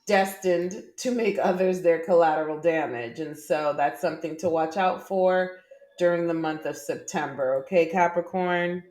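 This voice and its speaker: A woman's voice: on the low side, normal speed, a little mellow. A woman doing a casual tarot reading to camera, chatty and emphatic, often laughing. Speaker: tarot reader.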